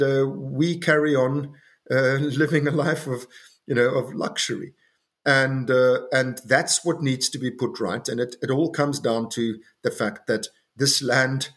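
An older man from South Africa speaks as an interview guest in a measured, mid-pitched voice. He thinks aloud and hesitates often, circling back with fillers and restarts as he works through his thoughts. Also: fairly bright tone. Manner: halting, with many fillers and restarts. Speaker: interview guest, farm owner. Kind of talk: reflective interview talk.

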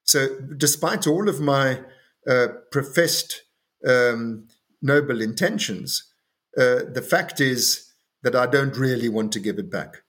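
Older man from South Africa, interview guest; halting and thoughtful, full of fillers and restarts. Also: medium pitch, lively intonation, a bit bright. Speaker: interview guest, farm owner. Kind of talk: reflective interview talk.

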